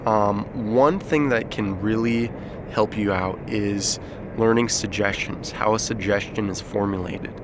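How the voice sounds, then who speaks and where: A lower-voiced man explains techniques in an easygoing, off-the-cuff way, pausing often on "um" and "uh" and restarting his sentences. He is outdoors in nature, recorded on a handheld phone, with faint outdoor ambience behind him. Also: noisy background. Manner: relaxed, many fillers and restarts. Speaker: self-help teacher. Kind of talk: unscripted outdoor explainer video. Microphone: phone held by the speaker.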